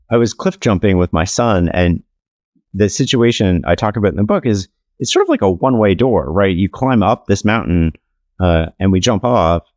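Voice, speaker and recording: Male author guest, low voice, dry close sound, relaxed storyteller with casual fillers. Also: no room sound. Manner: relaxed, anecdotal, many "like" fillers. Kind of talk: conversational interview storytelling.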